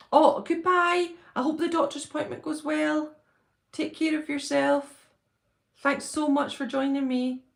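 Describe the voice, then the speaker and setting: A woman's voice: high voice, gravelly. A woman hosting a casual livestream from a room in her mother's house, reading out viewer comments and chatting back. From United Kingdom. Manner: chatty, reads viewer comments aloud and answers them. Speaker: channel host. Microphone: phone.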